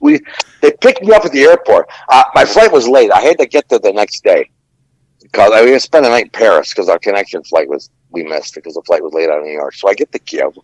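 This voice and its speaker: A man's voice: lowish voice, very animated, fast talker, no echo, poor audio. A man, a former ring announcer, telling rambling fight stories on a podcast with many fillers and curses. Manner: rambling anecdotes with frequent fillers and profanity. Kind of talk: casual storytelling.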